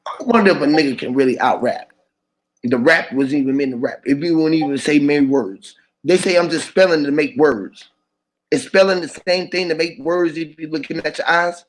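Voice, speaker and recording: A man's voice: a little high, normal speed. A man freestyling in a loose stream of rhyming wordplay, then chatting casually and cursing often. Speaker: host. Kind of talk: freestyle rap and rambling chat. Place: indoors, sitting.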